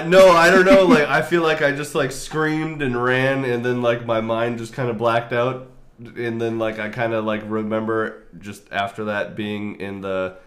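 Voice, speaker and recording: A man's voice: fairly low pitch, a bit bright. A man co-hosting a podcast who tells a story in a casual, rambling way, full of fillers. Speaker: podcast co-host.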